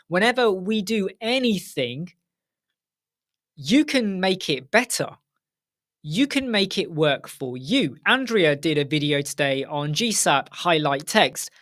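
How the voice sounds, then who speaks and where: A man's voice: on the high side, a bit bright. Frank man hosting a live stream. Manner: frank, ranting, talks straight to viewers. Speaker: host. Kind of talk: casual live-stream Q&A chat.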